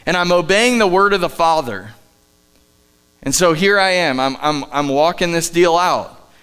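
Emphatic male pastor preaching, smooth voice. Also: on the high side, lively intonation, moderate pace. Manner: emphatic preaching, often dropping to soft asides. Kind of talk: sermon. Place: church sanctuary, live service.

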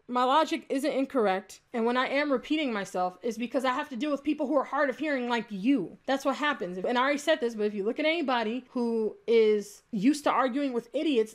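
Indignant, swearing young woman ranting. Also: a little high. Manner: indignant, profane, sarcastic. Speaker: YouTuber responding to a critic. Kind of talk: heated rebuttal rant to camera.

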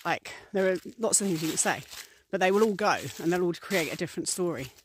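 A woman's voice: lowish voice, fast talker, a little hiss or hum. Chatty woman rambling to camera. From England. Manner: chatty and rambling, many fillers, voices little acted scenes. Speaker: priestess and vlogger. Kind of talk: casual talk to camera.

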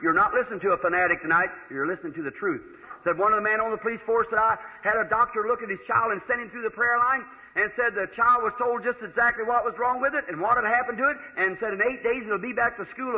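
A man preaching a sermon, telling a story in a folksy, animated way. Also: sits high. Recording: old lo-fi reverberant hall recording.

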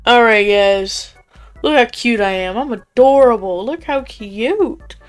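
A young woman chatting her way through a first play of a game, her voice sitting a little high. She laughs often, reads the on-screen dialogue aloud and swears casually, with faint music running underneath. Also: slow. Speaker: gaming YouTuber. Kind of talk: casual gameplay commentary.

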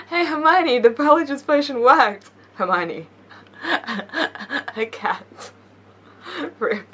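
A woman's voice: low voice, a bit bright, slight background noise. A young woman YouTuber reading memes aloud with playful commentary, giggling often and teasing herself. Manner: giggly, laughs between lines; playful, self-mocking asides.

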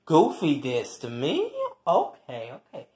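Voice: huge pitch swings, slow. Profane, taunting skit voice in an echoey room. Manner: profane, taunting, trash-talking; swings between loud jeers and low mutters. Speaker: comedy skit performer. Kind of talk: improvised comic quarrel between roommates.

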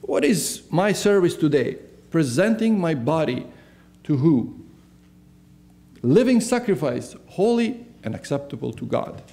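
A man's voice: on the high side, sing-song, a little slow, warm tone. A man preaching a sermon as pastor in a church. He asks the congregation questions and then answers them himself. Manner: answers his own questions.

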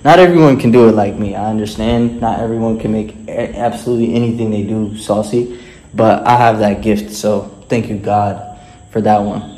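A man's voice: on the low side, steady tone, normal speed, mellow. A man delivering a motivational vlog monologue as a fitness and mindset coach, boastful and heavily profane, full of swaggering street slang.

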